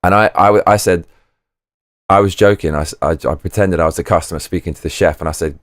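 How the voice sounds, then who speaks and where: A man's voice: sits low, fast, no echo, studio quality. A man hosting a live chat stream, rambling and swearing freely with lots of restarts. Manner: rambling and profane, with many restarts. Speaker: livestream host.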